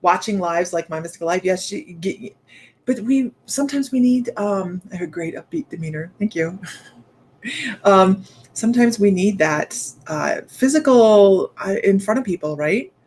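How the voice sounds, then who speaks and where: A woman's voice: medium pitch, animated, moderate pace, a little mellow, a little hiss or hum. A chatty middle-aged woman hosts a casual livestream and answers viewers as she goes. She sounds upbeat and laughs easily between remarks. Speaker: psychic medium livestream host. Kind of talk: casual livestream chat reading viewer comments.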